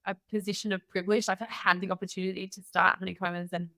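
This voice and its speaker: A middle-aged Australian woman with a bright, forward voice tells candid stories on a podcast interview, acting out what others said to her. The sound is dry and close, with no room around it. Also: medium pitch, fast talker, dry recording. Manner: candid, animated storyteller acting out quoted voices. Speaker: guest entrepreneur.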